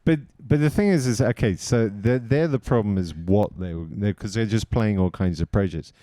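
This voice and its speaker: A man's voice: fairly low pitch, moderate pace, very noisy. A man co-hosting a casual comedy podcast, arguing points and posing questions. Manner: argumentative, poses what-if questions. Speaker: podcast co-host.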